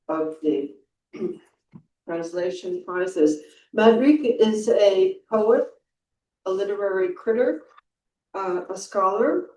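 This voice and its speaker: Slow-paced woman introducing a speaker. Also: medium pitch, darkish tone. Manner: halting, with frequent ums. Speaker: ceremony host. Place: library event hall. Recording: roomy, distant mic with faint ambience.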